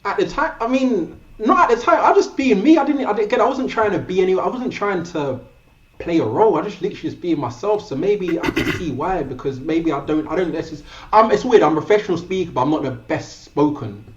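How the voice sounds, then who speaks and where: A man's voice: sits high, expressive, brisk. A young man, a professional speaker, talking casually as a podcast guest. He stumbles over his words and laughs often. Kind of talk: casual interview chat. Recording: roomy, dull lo-fi sound.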